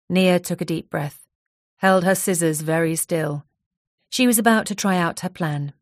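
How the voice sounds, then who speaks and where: A woman reading a novel aloud in a measured, unhurried way at a close studio mic. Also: on the low side, no echo. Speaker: audiobook narrator.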